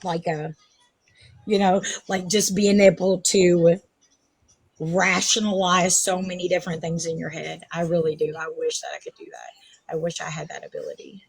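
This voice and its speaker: A woman's voice: lowish voice, moderate pace, gravelly, husky, no room sound. A woman hosting a casual live stream, ranting defensively and sarcastically, swearing often. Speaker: livestream host.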